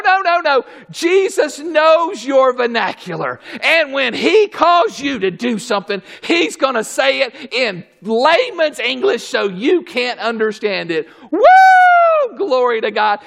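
Male preacher, very high and gravelly, slow deliberate sermon with sudden shouted exclamations and praise calls. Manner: swings from quiet asides to shouted exclamations; calls out "glory, hallelujah".

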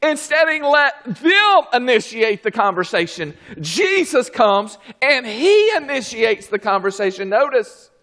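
A man preaching a fervent sermon, swinging from low murmurs to shouted exclamations. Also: very animated, unhurried, hardly any pauses.

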